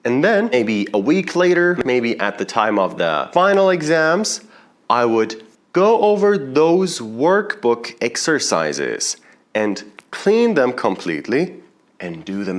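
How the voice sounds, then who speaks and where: A young man whose first language is Persian, an English teacher earnestly telling students how he learned the language. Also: medium pitch. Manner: earnest, explanatory, addresses viewers directly.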